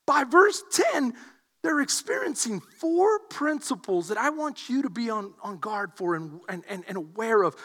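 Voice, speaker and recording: A man from Houston preaching a sermon, telling a story that swings from quiet asides to shouted emphasis. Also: very high voice, long reverb tail. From Houston, Texas. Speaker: pastor.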